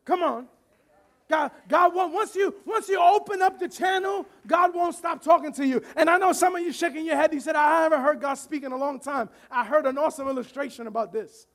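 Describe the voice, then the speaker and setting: A man preaching a sermon as pastor, animated, often shouting and laughing while acting out voices from the story. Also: extremely high pitch, fairly quick.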